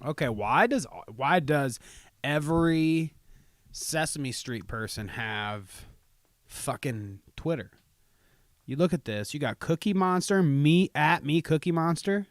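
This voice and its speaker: A young man hosts a casual podcast livestream, reacting to chat with profane, sarcastic rants. His voice sits a bit high and sounds dry and close to the mic. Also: takes it slowly, dry recording. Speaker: podcast host.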